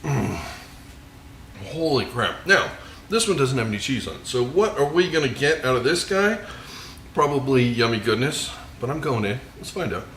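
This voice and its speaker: A man's voice: medium pitch, very animated, normal speed, a bit bright, a little hiss or hum. Joking man tasting burgers in echoey kitchen. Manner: jokey, enthusiastic, savoring food with murmured mms. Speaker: home cooking video host. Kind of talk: casual cooking vlog with tasting. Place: home kitchen.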